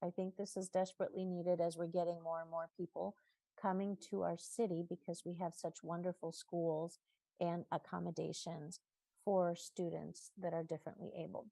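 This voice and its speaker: Female public commenter, earnest; low, gravelly, dry sound. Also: little pitch movement, moderate pace, dark tone, no room sound. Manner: earnest, heartfelt. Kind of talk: public comment at a council meeting. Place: city council chamber at a podium.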